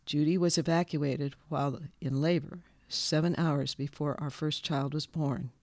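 A man reading a local history story aloud in a calm, measured scripted narration. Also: a little high, no room sound, studio quality.

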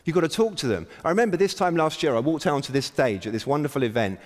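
A man's voice: fairly high pitch, animated, fast. Guy giving a keynote, wry and pushy, big echoey hall. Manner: wry, self-deprecating, exhorting the audience. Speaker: keynote speaker. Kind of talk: conference opening address. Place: large conference hall stage. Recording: long reverb of a big hall.

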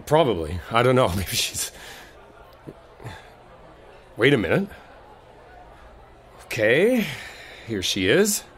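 A man's voice: mid-range voice, big pitch swings, takes it slowly, pauses often, slight background noise. A man voicing a protective boyfriend in a role-play audio, often swearing. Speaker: ASMR audio performer playing a protective boyfriend.

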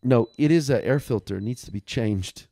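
A man's voice: mid-range voice, moderate pace, dry recording. A man co-hosting a podcast, telling a family story in casual, profane chat and acting out what people said. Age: young adult or 30s, a father. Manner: profane, animated storyteller who acts out quotes. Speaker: podcast co-host.

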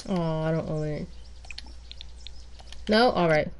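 A woman's voice: low voice, slow pace, darkish tone, a little hiss or hum. A young woman streaming a life-sim game, giving casual, exasperated running commentary and swearing often.

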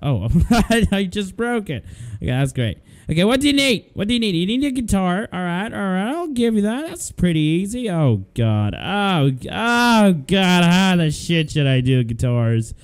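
A man giving excitable, frantic let's-play commentary, often yelling at the game's customers. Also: sits high, normal speed. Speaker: gaming video host.

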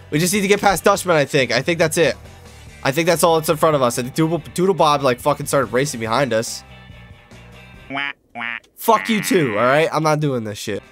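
A young man giving loud, excitable gameplay commentary, swearing and yelling at the game as he plays. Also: a little high. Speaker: gaming YouTuber.

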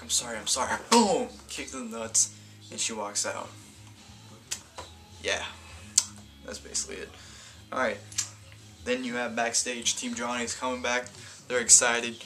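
A man's voice: medium pitch, level tone, a little slow, pauses often, pushed and bright, soft background music. A man casually reviewing a wrestling event in a video, rambling and often correcting himself mid-sentence. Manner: rambling, stumbling, self-correcting.

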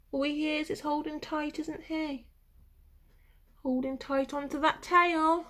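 A woman reading a picture book aloud to children in a gentle, sing-song way, stopping to ask them questions and sometimes dropping to a whisper. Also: high voice, slow pace.

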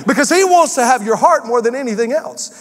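A male pastor preaching a sermon in a church, acting out quotes with shifts in pitch and pace. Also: lively intonation, fairly quick, fairly bright tone, big-room sound.

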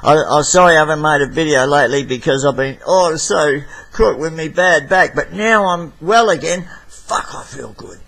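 A man's voice: on the high side, normal speed, hardly any pauses, fairly bright tone, low-quality recording. An Australian man telling a rambling vlog story, blunt and profane, with stammered restarts. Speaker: vlogger.

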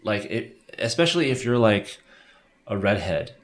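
A man in his thirties, a missionary guest in an interview, telling animated stories with many restarts. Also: fairly low pitch, normal speed. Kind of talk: conversational interview.

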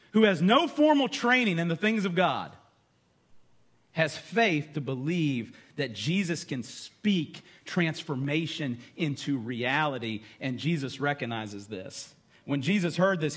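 A man preaching a sermon in church, conversational and candid, his voice dropping low and quiet on key words. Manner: candid asides with fillers. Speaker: pastor.

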